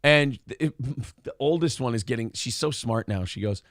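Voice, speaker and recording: A man's voice: mid-range voice, normal speed, dry recording, studio quality. A middle-aged man co-hosting a casual talk show, telling stories with lots of swearing. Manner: animated storytelling, swears freely. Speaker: podcast co-host. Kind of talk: casual chat.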